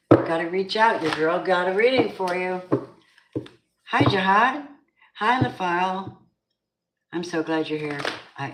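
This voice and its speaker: A woman's voice: sits low, echoey room, heavy background noise. A middle-aged woman giving an emphatic live tarot reading, chatting with her viewers by name. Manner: emphatic, repeats affirmations. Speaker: tarot reader. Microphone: camera mic on a live stream.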